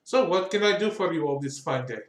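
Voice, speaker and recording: A man's voice: fairly high pitch, lively intonation, fairly quick, reverberant, natural voice. A man voicing a friendly, fussy male doll maker who greets his customers effusively. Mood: welcoming. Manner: effusive, repeats words.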